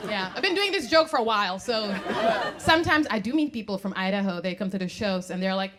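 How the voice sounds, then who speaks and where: A young woman from the Czech Republic with a Czech accent, performing a stand-up comedy set in a club, animated and laughing at her own jokes. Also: medium pitch, fast talker, some chatter behind. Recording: live club recording, audience noise.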